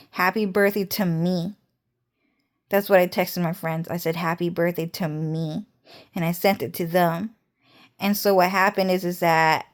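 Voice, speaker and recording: A woman vlogger telling a personal story in a rambling, casual monologue, swearing often and filling pauses with "um" and "so anyways". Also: on the low side, clean tone. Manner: rambling, profane, frequent "so anyways" and "um".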